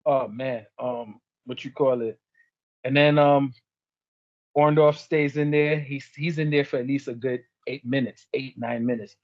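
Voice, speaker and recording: A man's voice: mid-range voice, measured pace, no room sound, muffled recording. A man co-hosting a podcast, telling stories in casual chat and acting out the voices of the people in them. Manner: animated storyteller acting out quotes. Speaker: podcast co-host.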